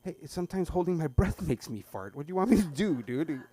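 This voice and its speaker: A middle-aged man rambles through a stand-up bit, stumbling and restarting as he goes. His voice is dark and mellow, picked up by a stage microphone at a small club. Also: on the high side, expressive, brisk, slightly rough, no echo. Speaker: stand-up comedian at an open mic. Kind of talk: stand-up set.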